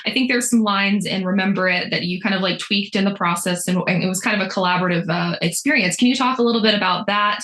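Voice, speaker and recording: A woman's voice: mid-range voice, fast, few pauses, fairly bright tone. A woman interviewer asking questions in a conversational, appreciative way. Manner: conversational, appreciative, hedging fillers.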